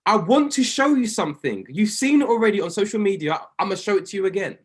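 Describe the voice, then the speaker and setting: A man with a notably high voice leads a motivational coaching call for traders. He preaches with emphasis, driving each point home by saying it again and again. He is heard over an online group call. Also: expressive, quick pace, breathy edge. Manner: emphatic and preachy, repeats key phrases. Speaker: trading mentor.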